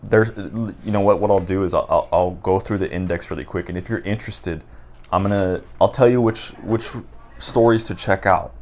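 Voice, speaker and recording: A man talking off the top of his head in an unedited video, rambling and halting with many restarts. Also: low-pitched, a little mellow. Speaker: book vlogger. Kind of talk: unscripted casual talk to camera. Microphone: raw unedited recording.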